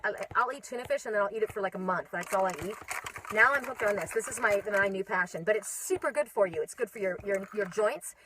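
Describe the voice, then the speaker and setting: A woman spiritual reader chatting casually on a live stream, rambling and animated, talking into her phone outdoors in the mountains. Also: mid-range voice, a little hiss or hum, rough recording.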